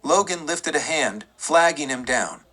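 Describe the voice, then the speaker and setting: A man reading a western audiobook in a steady, measured storytelling manner. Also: a little high, breathy edge. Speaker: audiobook narrator. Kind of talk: scripted western audiobook narration.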